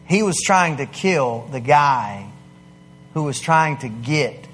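A man preaching a sermon, swinging from quiet asides to loud, emphatic declarations. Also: medium pitch, expressive, slow, a little hiss or hum. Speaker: pastor.

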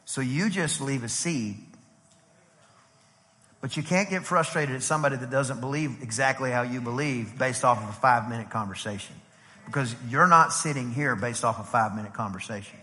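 A middle-aged man preaching a sermon as pastor, lively and conversational, acting out quotes as he goes. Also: medium pitch, moderate pace. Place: church sanctuary. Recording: long hall reverb from a church.

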